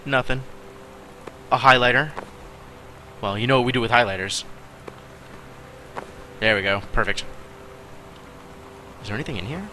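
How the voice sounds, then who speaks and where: A man streaming a narrative game, talking through it in relaxed, wry asides and often dropping into quiet mutters. His voice is bright and crisp, at a middle pitch, with a faint hiss behind it. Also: normal speed, pauses often. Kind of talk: casual gameplay commentary.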